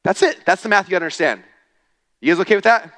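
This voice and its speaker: A man giving an energetic, casual stage presentation to a live audience, often checking in with "okay?". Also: high-pitched, fast. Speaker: speaker at a marketing event. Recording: long reverb of a large hall.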